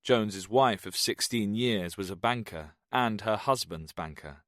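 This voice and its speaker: Casting: male audiobook narrator, steady thriller reading, dry close recording. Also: on the low side, unhurried, dry recording. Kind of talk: scripted narration.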